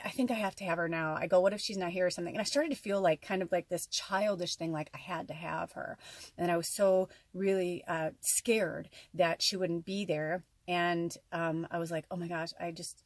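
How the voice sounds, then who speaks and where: Woman vlogger, excitable storyteller who acts out dialogue, low-pitched, dry close recording. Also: dry recording. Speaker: vlogger telling a personal story. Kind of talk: casual storytelling vlog.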